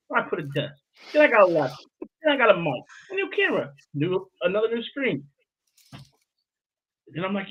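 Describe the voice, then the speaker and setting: A man's voice: high voice, wildly swooping pitch, fairly quick, pauses often, lo-fi sound. A man hosting a livestream show, hyping up guests and telling stories in playful slangy casual chat.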